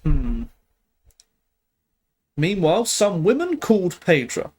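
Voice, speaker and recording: A man's voice: sits high, sing-song, takes it slowly, darkish tone, a little hiss or hum. A man thinking aloud at a leisurely pace while working through a language exercise on a live stream, hesitant and checking himself as he goes. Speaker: streamer studying Greek.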